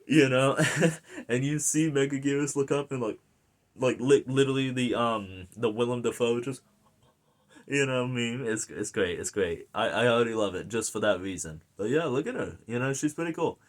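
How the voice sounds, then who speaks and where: Speaking at normal speed with a medium-pitched voice, an American man from the United States gives a rambling, enthusiastic, casual film review. Fillers and restarts come up often.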